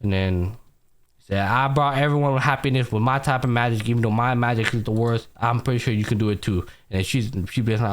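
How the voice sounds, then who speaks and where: A man's voice: mid-range voice, quick pace. A young man with a mid-range voice chats casually on a podcast, walking through anime episodes scene by scene. He jumps into the characters' lines as he retells them, and his talk is loose and full of slang and the odd curse. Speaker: podcast host. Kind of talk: casual anime recap chat.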